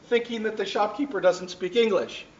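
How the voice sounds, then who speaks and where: Animated man lecturing in a roomy hall. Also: sits high, moderate pace. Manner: animated, bursts into shouted hints. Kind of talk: classroom lecture with anecdotes. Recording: roomy, distant, dull lo-fi sound.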